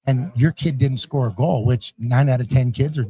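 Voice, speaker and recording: A man's voice: mid-range voice, moderate pace. A middle-aged man, a guest on a podcast, talking animatedly and acting out coaches and parents as he goes. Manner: animated storyteller, acts out yelling parents and scats rhythms. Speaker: youth sports league founder, guest. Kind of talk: conversational podcast interview.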